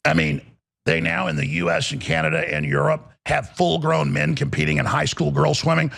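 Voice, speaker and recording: A talk show host, a man, ranting in an angry, blunt and crude way with a gravelly, raspy voice. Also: on the high side, steady tone, normal speed, a bit bright. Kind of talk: heated political talk rant.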